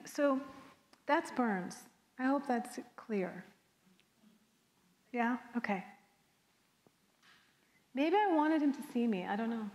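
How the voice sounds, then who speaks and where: A woman's voice: high-pitched, slow, pauses often. Candid woman poet in a reverberant hall. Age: middle-aged. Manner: candid and animated, often laughing. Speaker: guest poet. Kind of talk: audience Q&A answer. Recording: long reverb of a lecture hall.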